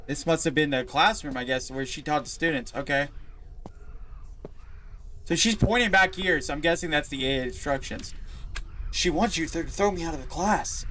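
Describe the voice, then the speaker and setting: A man giving let's play commentary on a horror game, excitable and talking back to the game characters. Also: on the high side, moderate pace, a little hiss or hum. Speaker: gaming video creator.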